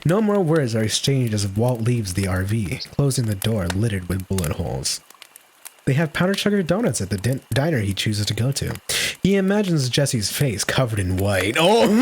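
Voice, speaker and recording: A man reads a story aloud live on stream, giggling through it and breaking into laughter. His pitch swings widely and animatedly, and a faint hiss sits under the voice. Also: wildly swooping pitch, moderate pace.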